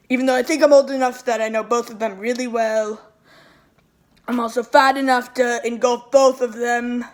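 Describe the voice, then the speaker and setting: A woman's voice: on the high side, natural voice. A woman playing a petty, self-pitying male president who rambles and repeats nicknames in a comic impression. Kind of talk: comedic impression monologue.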